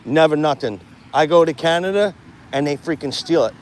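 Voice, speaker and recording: A man's voice: a little high, fairly quick. Brash New York-accented man, rambling profane live-stream host, outdoors with faint traffic. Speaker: vlogger doing a live stream. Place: outdoors by a pond near traffic.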